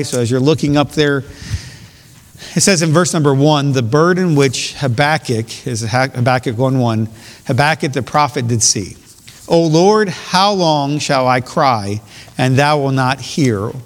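A man preaching a sermon, reading scripture aloud and rising to emphatic peaks. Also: medium pitch. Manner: reads scripture aloud in old King James wording, rising to emphatic peaks. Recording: long hall reverb.

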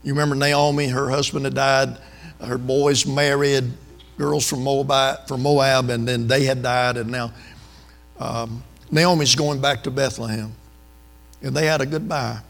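A man's voice: medium pitch, steady tone, moderate pace, gravelly, a bit bright, big-room sound. A man, preaching a sermon in a folksy, storytelling way with asides to the congregation.

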